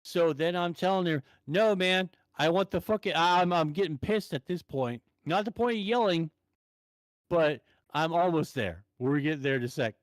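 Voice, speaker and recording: A man calling in to tell a profane, heated story in an animated way. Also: a little high, normal speed, no echo, rough recording. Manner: animated, swears constantly, heated. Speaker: caller telling a story.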